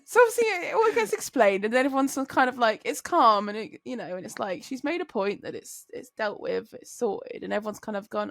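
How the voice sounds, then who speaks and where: Woman, casual storyteller, lively range, dry close sound. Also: a little high, a little fast, hardly any pauses, dry recording. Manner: animated, laughing, swears freely. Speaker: podcast co-host, truck driver.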